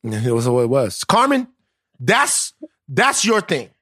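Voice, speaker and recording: Guy cohosting a podcast, lively swoopy voice, cussing and joking, dead dry mic. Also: mid-range voice, slow, breathy edge, dry recording. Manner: animated, profane, joking. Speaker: podcast co-host. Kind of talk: casual podcast banter.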